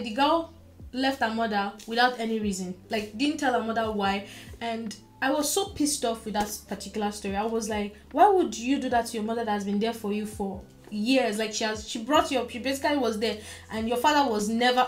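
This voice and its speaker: Young woman, casual book review vlog, gushing, repeats words, fairly high voice.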